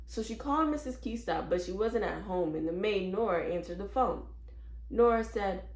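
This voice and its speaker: A woman's voice: medium pitch, lively intonation, normal speed. Woman reading a storybook aloud, echoey. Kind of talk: reading a children's chapter book aloud.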